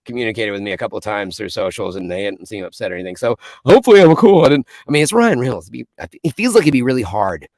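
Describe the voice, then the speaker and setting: Gravelly, lively voice actor guest. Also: male voice, on the low side, racing, few pauses, dry recording. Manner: animated storyteller, laughs often. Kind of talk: casual interview chat.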